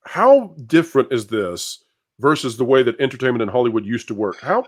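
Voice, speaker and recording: A man hosting a casual panel chat, animated and quick to laugh, often repeating his first words. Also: fairly high pitch. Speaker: podcast host.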